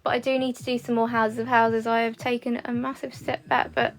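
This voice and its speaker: A woman's voice: on the high side, flat delivery, fairly quick, soft background music. A young woman, chatting casually to a livestream audience while doing her makeup at home. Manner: chatty, rambling, with frequent fillers. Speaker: beauty content creator.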